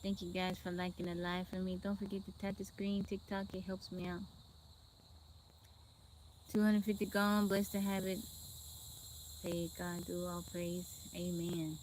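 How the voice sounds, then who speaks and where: A Texas woman hosts a live stream from the woods, speaking into her phone as she calmly greets and thanks viewers one at a time while reading their comments. Her pitch is fairly low and her pace measured, with frequent pauses. The phone picks up faint outdoor sound of insects and birds.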